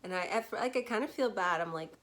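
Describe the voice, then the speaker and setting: A woman's voice: medium pitch, quick pace, fairly bright tone. A woman in her twenties chatting casually on camera as she tells a true story, with frequent laughs and lots of fillers. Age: 20s. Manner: chatty, laughs often, many "like"s. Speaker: vlogger.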